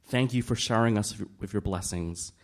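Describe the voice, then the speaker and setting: A man voicing a calm, devout wealthy woman who prays aloud. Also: fairly low pitch, moderate pace, natural voice. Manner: calm, prayerful.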